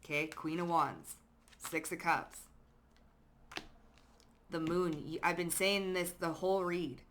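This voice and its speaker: A woman's voice: on the low side, slow, fairly bright tone, a little hiss or hum. A young woman giving a casual tarot reading, talking in a slangy, profane and emphatic way. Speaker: tarot reader.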